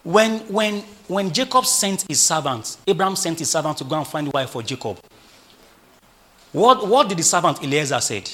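Animated high-voiced male preacher. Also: moderate pace. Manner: animated, rhetorical questions to the congregation. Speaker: pastor. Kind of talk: sermon.

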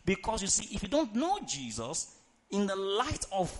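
A male preacher, delivering an emphatic sermon, reading scripture dramatically and urging the congregation to answer out loud. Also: sits high, wildly swooping pitch, moderate pace. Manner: emphatic, calls for congregation responses; reads scripture aloud in a dramatic tone.

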